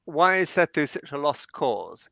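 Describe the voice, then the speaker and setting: A man's voice: on the high side, big pitch swings, a little slow, gravelly, fairly bright tone, no room sound. A man from Bradford hosting a live panel chat, playful and teasing. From Bradford, England. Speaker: panel show host.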